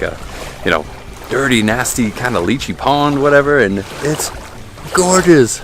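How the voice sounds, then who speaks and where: A man's voice: medium pitch, background noise. A man talking casually to his camera while hiking a mountain trail, upbeat and easygoing, with plenty of ums and uhs. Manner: easygoing, upbeat, many fillers. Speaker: hiking vlogger. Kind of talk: casual outdoor vlog narration.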